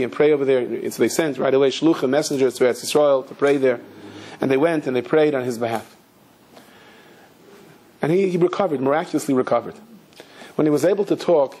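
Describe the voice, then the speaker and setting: A man delivers a sermon as a string of stories. His voice sits a touch high with a husky grain. He acts out the people in his tales and breaks into shouts when the scenes turn heated. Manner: animated storyteller acting out voices, shouting in quotes. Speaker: rabbi giving a talk. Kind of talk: storytelling sermon.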